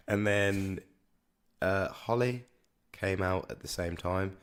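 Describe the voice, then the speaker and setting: A man with a Birmingham accent chats on a podcast in a low voice. He rambles and repeats himself while he works out what he means. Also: takes it slowly. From Birmingham, England. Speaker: podcast co-host. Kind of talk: casual chat.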